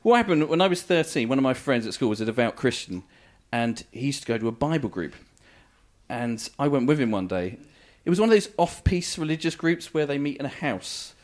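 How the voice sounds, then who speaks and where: A man doing stand-up comedy storytelling, animated and self-mocking, laughing through his lines. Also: medium pitch, fairly quick.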